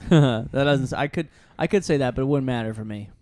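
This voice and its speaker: A man's voice: mid-range voice, fairly quick, darkish tone, no room sound, studio quality. A young man co-hosting a comedy podcast, teasing and laughing through casual banter. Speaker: podcast co-host.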